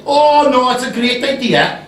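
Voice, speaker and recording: A man voicing an eager, upbeat male TV producer pitching a show idea over the phone. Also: expressive, measured pace, fairly bright tone, heavily acted. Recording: echoey hall, mic at a distance.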